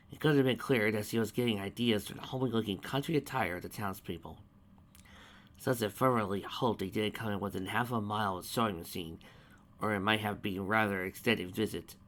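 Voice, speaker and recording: A man reading a fan-written story aloud, halting at times and restarting words. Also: fairly low pitch. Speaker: reader. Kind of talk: amateur fan fiction reading.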